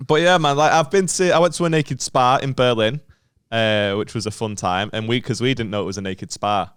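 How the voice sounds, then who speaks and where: A young Northern English man co-hosting a comedy podcast, telling sweary, animated stories and laughing through them. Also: mid-range voice, fairly quick, clean tone, dry recording, studio quality. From Northern England. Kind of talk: casual comedic storytelling.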